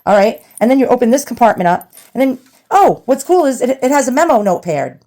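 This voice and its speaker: A woman's voice: on the high side, sing-song, quick pace, mellow. A middle-aged woman with a New York accent, chatting and rambling as she unboxes antiques for her vlog. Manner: chatty, rambling, thinking aloud. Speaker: antiques vlogger.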